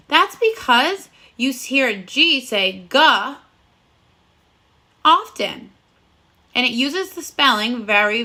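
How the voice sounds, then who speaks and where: A woman's voice: high-pitched, sharp tone. A woman teaching a recorded phonics lesson to first graders, speaking in a cheerful, sing-song voice and praising the children often.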